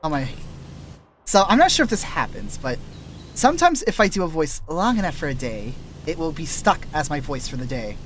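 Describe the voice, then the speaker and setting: Very animated and fairly bright, a man's slightly high voice moves at a moderate pace as he streams a game and rambles casually. He drops sentences and restarts often, explaining voice-acting techniques like a relaxed teacher, his throat sounding dry and scratchy.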